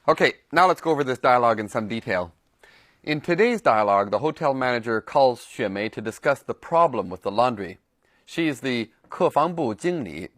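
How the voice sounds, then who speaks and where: A man's voice: medium pitch, expressive, normal speed, fairly bright tone, dry recording, clean studio sound. A man teaching a language lesson, explaining words and repeating example phrases in a scripted narration.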